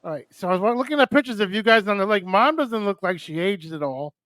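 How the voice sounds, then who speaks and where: A man's voice: sits high, animated, quick pace, a bit bright, no echo. An older man from New hosting a live radio stream, chatting loosely and cursing with a friend. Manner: loose, profane, joking. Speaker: radio show host. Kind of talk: casual live-stream chat.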